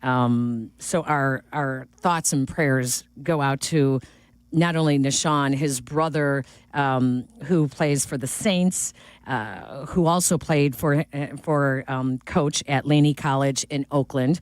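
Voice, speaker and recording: A woman co-hosting sports radio, chatty and animated, with lots of fillers and restarts. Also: extremely low pitch, takes it slowly, no room sound. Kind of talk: casual sports talk. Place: radio studio. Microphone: studio mic.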